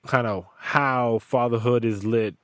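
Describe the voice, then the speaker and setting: A man's voice: mid-range voice, steady tone, measured pace, a bit bright, clean tone, no room sound, clean studio sound. A man hosting a podcast, chatting casually in an easygoing, slangy way and introducing a guest. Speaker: podcast host. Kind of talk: casual chat.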